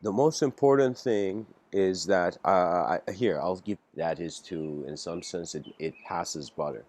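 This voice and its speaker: A man giving an improvised philosophical lecture, halting and musing with frequent restarts. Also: deep voice, darkish tone.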